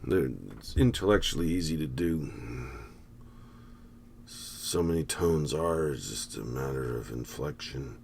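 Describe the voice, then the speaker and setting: Low-voiced man giving wry movie commentary. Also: a little slow, gravelly, a little mellow, a little hiss or hum. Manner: rambling, wry, sarcastic asides. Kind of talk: casual running movie commentary.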